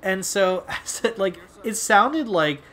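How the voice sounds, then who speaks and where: A man's voice: high-pitched, expressive, slow, sharp tone. A young man hosting a video, telling a casual story in a rambling, laid-back way with lots of fillers and swearing. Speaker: video host.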